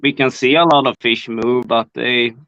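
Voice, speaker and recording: A man's voice: medium pitch, steady tone, moderate pace, fairly bright tone, clean tone, dry recording. Plain-spoken man on a dull dry line. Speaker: angler guest. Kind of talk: casual chat.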